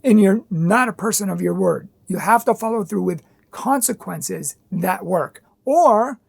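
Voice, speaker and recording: Husky, earnest woman giving parenting advice. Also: mid-range voice, expressive, measured pace. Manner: earnest, emphatic, repetitive lists. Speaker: parenting and faith video host. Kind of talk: direct-to-camera advice monologue.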